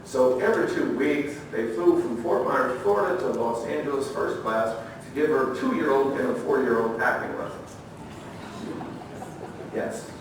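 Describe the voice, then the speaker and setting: In a conference room, a middle-aged former federal agent leads a training talk, animatedly acting out quotes and questioning the audience as he tells stories. His voice is medium-pitched at a normal speed, heard from afar in an echoey space with slight background noise.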